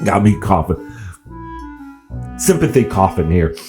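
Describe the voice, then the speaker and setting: A man talks through clips in a loose, laughing reaction-video chat, stammering and restarting as he goes. His pitch swings widely and stays lively. Faint music plays underneath. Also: a little slow. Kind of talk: casual reaction commentary.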